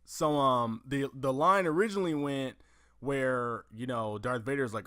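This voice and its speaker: A man hosting a casual movie news podcast, profane and animated, acting out lines from films as he tells them. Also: medium pitch, unhurried, no room sound, clean studio sound. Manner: profane, animated storytelling with acted-out quotes. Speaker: podcast host.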